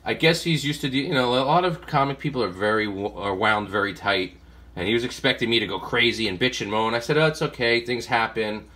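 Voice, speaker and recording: A comic collector vlogger hosts a casual haul video in a lowish, bright, pushed voice at a quick pace. He's a chatty, rambling storyteller who leans on lots of fillers and acts out what he told people.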